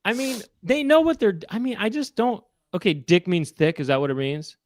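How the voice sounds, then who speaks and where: A man's voice: high voice, expressive, normal speed, dry recording, studio quality. A man co-hosting a casual online chat show, joking and mimicking the clips he watches. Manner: playful, mimicking. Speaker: co-host.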